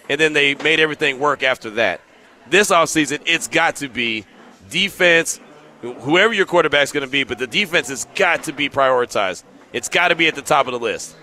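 A man's voice: fairly high pitch, bright, forceful tone. A man hosting a sports talk show, giving earnest commentary and reading out listener texts. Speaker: sports radio host.

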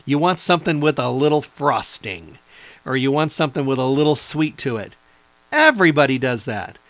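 A middle-aged man giving an enthusiastic, rambling product pitch as a nutrition presenter, reeling off long lists. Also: big pitch swings, normal speed, a bit bright, no room sound, highs cut off.

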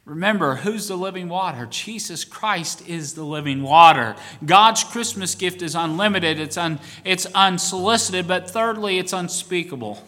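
A male pastor with a high, bright voice delivers a sermon. He drops low for quiet asides and then climbs into ringing emphasis, with a long echo trailing off the walls of a church hall. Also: animated, normal speed, few pauses. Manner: preaching with rising bursts of emphasis.

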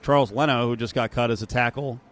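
A man's voice: mid-range voice, fairly even intonation, quick pace. A man hosting a sports betting radio show, casual and dryly sarcastic.

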